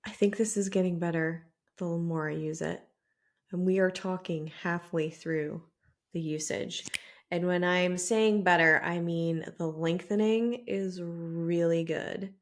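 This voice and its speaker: A woman's voice: on the low side, fairly even intonation, unhurried. A woman beauty vlogger chatting casually to camera while she applies makeup, self-deprecating and talkative. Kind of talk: casual makeup tutorial chat. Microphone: camera mic with mirror some distance off.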